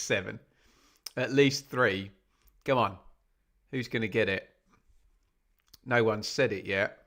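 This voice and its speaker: A man's voice: on the low side, fairly bright tone. A man hosting a live football watch-along stream, chatting casually with viewers, reading out where they are watching from, and joking at his own expense. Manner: chatty, reads out viewer locations, self-mocking.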